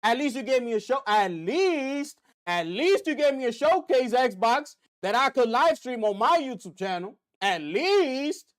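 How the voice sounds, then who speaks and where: Man streaming gaming news, high voice, very lively pitch, repeats phrases, talks to chat. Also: a little slow, hardly any pauses. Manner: animated, repetitive, talks straight to viewers. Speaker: gaming livestream host. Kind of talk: casual livestream commentary.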